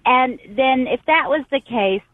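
A woman's voice: high-pitched, measured pace, dry recording. A woman calling in to a radio show, asking a question in a polite, hesitant way. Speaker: caller. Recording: tinny phone line.

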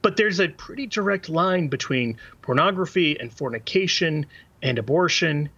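A man's voice: fairly high pitch, animated, normal speed, pushed and bright, no room sound, muffled recording. A man on a talk show, making his points earnestly and fluently. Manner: earnest, fluent, quotes sources. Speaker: co-host.

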